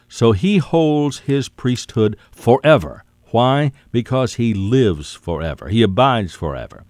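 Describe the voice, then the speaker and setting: A fairly low-pitched man with a darkish tone preaches on a dry recording. "My friend," he says often, hammering key words repeatedly in emphatic, drawn-out phrases.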